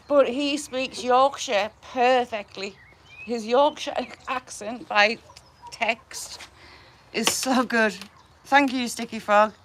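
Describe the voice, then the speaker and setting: A chatty woman talks to her viewers outdoors while she feeds her hens. Her voice sits a little high, she sounds affectionate, and she laughs easily. Chickens cluck and a rooster calls behind her. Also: slow, fairly bright tone, a little hiss or hum. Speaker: livestream host feeding her chickens. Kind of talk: casual live chat with viewers.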